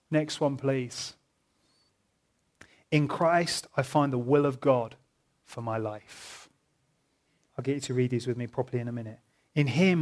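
Pastor preaching with rising fervor. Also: male voice, fairly high pitch. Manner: emphatic, building from quiet to loud. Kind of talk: sermon. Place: church.

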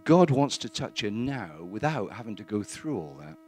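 A man giving a plain-spoken, earnest testimony in church, halting now and then with fillers. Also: on the low side, very animated, a little mellow, a little hiss or hum.

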